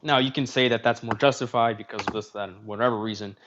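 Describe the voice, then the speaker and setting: A man's voice: medium pitch, fairly even intonation, quick pace. A man hosting a casual podcast chat, talking in an opinionated, rambling way with restarts. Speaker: host. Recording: slightly dull audio with faint noise.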